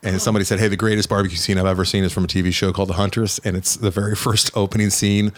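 A man with a fairly low voice hosts a film review podcast and talks in a loose, casual way. He gets excitable and teases his co-hosts, and his voice jumps up sharply when he does. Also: very fast. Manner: excitable, teasing. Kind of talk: casual chat.

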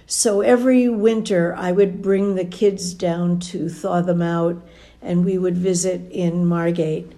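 A woman's voice: lowish voice, mellow. An older woman telling a personal family story in a conversational way. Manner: conversational, quotes dialogue as she tells it. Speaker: storyteller recounting a family memory.

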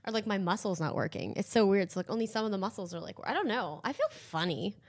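A woman's voice: medium pitch, sing-song, fast talker. A woman co-hosting a casual podcast, with a numb mouth from dental work, making dry, teasing remarks. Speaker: podcast co-host. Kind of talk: casual chat.

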